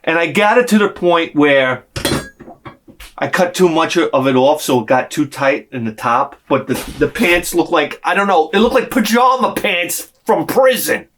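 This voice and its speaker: A man's voice: a little high, animated, normal speed, a bit bright, slight background noise. A middle-aged man, telling a comic story in a vlog, swearing freely and acting out the voices he quotes. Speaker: vlogger.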